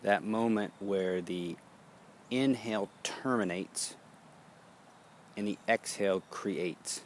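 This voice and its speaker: A man leading a guided meditation, speaking in slow, measured phrases with long pauses. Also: sits low, steady tone, a little hiss or hum.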